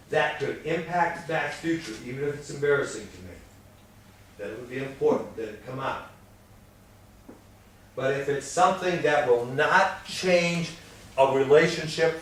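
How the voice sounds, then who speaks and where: An older man in his sixties leads a relationship seminar, his voice a touch high for a man. He talks folksy and plain and tells stories from his own life. He sounds far from the mic, in a big echoing room. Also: a little hiss or hum. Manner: folksy storytelling, acts out quoted exchanges. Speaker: marriage seminar speaker. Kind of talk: teaching talk to an audience. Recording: distant mic in an echoey room.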